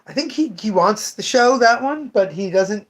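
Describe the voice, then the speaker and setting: A chatty shop owner hosting a live show, winding through customer stories with plenty of false starts and asides. The voice sits at an ordinary middle pitch, relaxed and unpolished. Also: moderate pace. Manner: rambling anecdotal storytelling, many restarts. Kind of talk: casual livestream chat.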